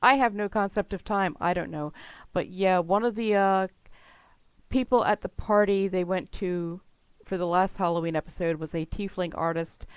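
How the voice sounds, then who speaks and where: A woman running a tabletop game as game master, chatty and quick to laugh. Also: lowish voice, clear, resonant tone, no echo, poor audio.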